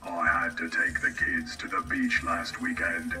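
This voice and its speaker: A deep, weary robot guard. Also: male voice, wildly swooping pitch, measured pace, heavily acted. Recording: echoey, distant. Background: loud game music.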